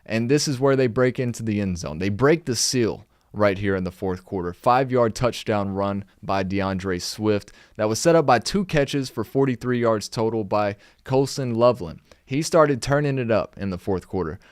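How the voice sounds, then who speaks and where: A young podcast host recaps games on a casual live stream, reading from notes and firing off exasperated rhetorical questions. His voice is on the low side with lively intonation, a moderate pace and hardly any pauses, recorded in studio quality with no room sound.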